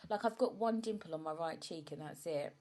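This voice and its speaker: A woman's voice: sits low, a little fast, darkish tone. Emotional, chatty woman. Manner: frank and chatty, often asks "do you know what I mean". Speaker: podcast host. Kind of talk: candid solo podcast monologue.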